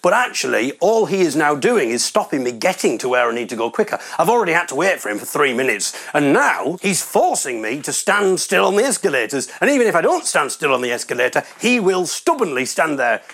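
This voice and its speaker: A man's voice: a little high, sing-song, a little fast, hardly any pauses, fairly bright tone. A man, a comedian telling wry, rambling stories about his gigs. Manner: rambling, wry, self-deprecating. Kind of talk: comic storytelling monologue.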